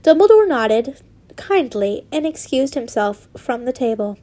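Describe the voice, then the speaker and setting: Woman reading fan fiction, high mellow voice, slow, giggly asides. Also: very animated. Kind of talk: casual story reading with asides.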